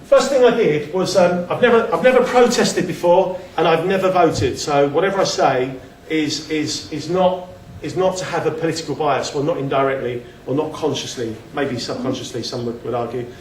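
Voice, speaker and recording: A man's voice: on the high side, moderate pace, hardly any pauses, slight background noise. A man giving a casual slide talk, chatty and self-deprecating, often restarting his sentences. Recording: echoey room, mic at a distance.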